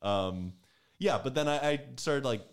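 A man's voice: medium pitch, expressive, unhurried. A young adult man, a comedian guest, chatting casually on a podcast in a rambling, hesitant way full of fillers.

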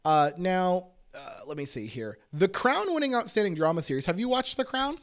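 A man co-hosting a podcast in casual chat, launching into excitable, laughing rants with plenty of swearing. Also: high voice, moderate pace. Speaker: podcast co-host.

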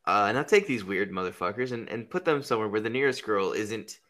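A man's voice: fairly low pitch, expressive, fairly quick, fairly bright tone. A man hosting a podcast, rambling through crude, profane comedic banter and laughing at his own jokes. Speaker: podcast host.

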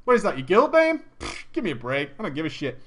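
This is a comic reading with commentary: a man recounts a gaming story at a quick pace, breaking off for jokes and mock outrage. His high voice makes huge pitch swings and wide tonal shifts, and he swears freely with laughter between lines.

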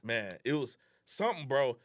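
A man's voice: medium pitch, moderate pace. A young man in casual conversation, telling a personal story and acting out the dialogue, with slang and swearing. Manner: animated, reenacting dialogue; slangy and profane. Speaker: guest.

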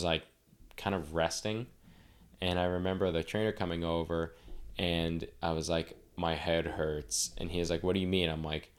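A man's voice: deep voice, clear, resonant tone. A young man casually telling a story as a podcast host, rambling and swearing often. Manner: rambling, profane, filler-heavy.

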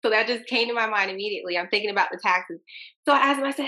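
A woman's voice: fairly high pitch, very fast. A young woman from Tennessee, a county commissioner and interview guest, telling stories casually and acting out both sides of past conversations. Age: young adult. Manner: animated, acts out both sides of conversations in quoted voices.

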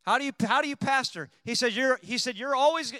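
A man preaching a sermon as pastor, rising at times to shouted emphasis. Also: extremely high pitch, fast talker, no room sound, big-room sound.

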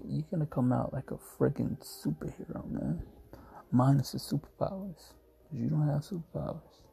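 Husky, gravelly-voiced sleepy man. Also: mid-range voice, dark tone. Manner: laid-back, rambling, jokey, says man a lot. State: groggy and yawning, just woke from a nap. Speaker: podcast host. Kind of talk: casual solo podcast chat. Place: at home.

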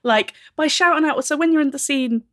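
A woman's voice: sits high, fairly quick, fairly bright tone. Earnest woman in casual chat.

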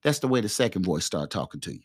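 A podcast host with a lowish, slightly rough voice talks fast and very animatedly into a close microphone in a quiet room with no room sound. His motivational monologue is fervent and preachy, full of repetitive exhortations.

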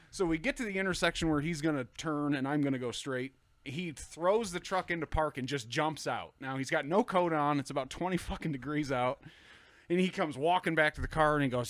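Animated, swearing man telling stories. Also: fairly high pitch, no echo. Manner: animated, swears often, acts out quoted lines loudly. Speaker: guest. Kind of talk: casual storytelling.

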